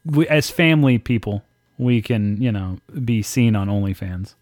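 A man co-hosting a casual podcast, heard dry and close with no room sound at all. He rants with lively, profane energy and swears constantly. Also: on the low side, moderate pace, dry recording. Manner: animated, swears heavily, ranting. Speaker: podcast co-host.

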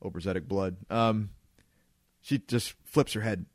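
A man co-hosting a podcast, telling lively anecdotes in casual chat, acting out voices and laughing often. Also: on the low side, moderate pace, no room sound, clean studio sound. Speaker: podcast co-host.

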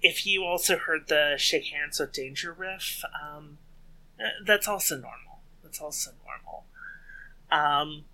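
A man's voice: on the high side, a little slow, sharp tone, poor audio. A man co-hosting a podcast, mocking the news in a laid-back way and laughing often. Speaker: podcast co-host. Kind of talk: casual news commentary chat.

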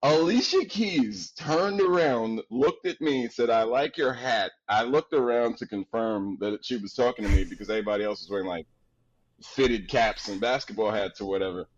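A man from Queens tells stories as a podcast guest. His voice is deep and resonant, and his delivery is animated and full of casual slang. The recording is slightly dull and lo-fi. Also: moderate pace. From Queens, New York. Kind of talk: casual storytelling chat.

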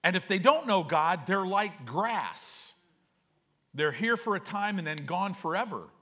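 A man preaching a sermon as pastor, reading scripture aloud with slow, emphatic phrasing. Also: sits high, sing-song, sharp tone.

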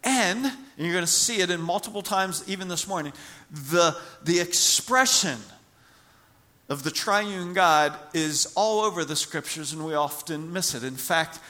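A man preaching a sermon as pastor, animated, acting out little scenes and repeating words for emphasis. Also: fairly high pitch, measured pace. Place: church.

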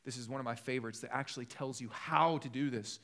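A man preaching a sermon as pastor, passionate, swinging from loud emphatic peaks to low conversational asides. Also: steady tone, fast.

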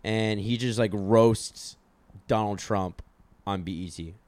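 Low-voiced joking podcast host. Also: male voice, fairly even intonation, slow pace, a little mellow. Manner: rambling, filler-heavy, jokey. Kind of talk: casual podcast chat.

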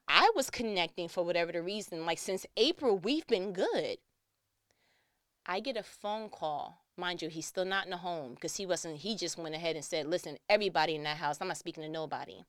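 Animated woman. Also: lowish voice, clear, resonant tone, dry recording, clean studio sound. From New York. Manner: animated, slangy, acts out quoted voices. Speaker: storyteller. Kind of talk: personal storytelling.

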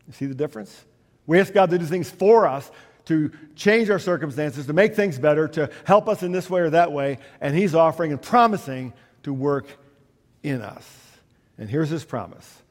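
A man preaches in a church, his voice a touch higher than most, carried by a long, ringing reverb in the hall. He tells stories casually and drops into soft asides before lifting again. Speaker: pastor. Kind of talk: sermon. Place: church sanctuary.

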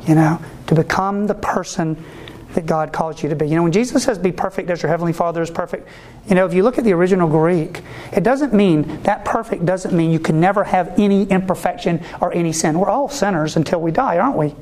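Speaking a little fast in a high voice, a Catholic priest addresses ministry workers in a lively, sermon-like talk. He acts out the voices he quotes and keeps checking that the audience follows and agrees.

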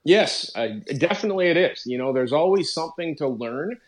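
Speaking a little fast with lively intonation and a fairly high pitch, a middle-aged man from Canada guests on a podcast. The interview is casual and conversational, and he rambles, scattering "you know" and "like" throughout.

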